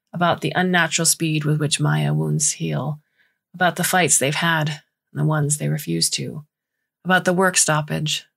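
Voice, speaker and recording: A woman narrating a short story in a measured, scripted reading. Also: deep voice, creaky, fairly bright tone.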